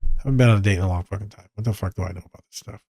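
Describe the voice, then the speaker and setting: A man's voice: on the low side, racing, husky, no room sound. Blunt, profane man on a podcast. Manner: blunt, profane, animated storytelling. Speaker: podcast host. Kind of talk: casual advice monologue.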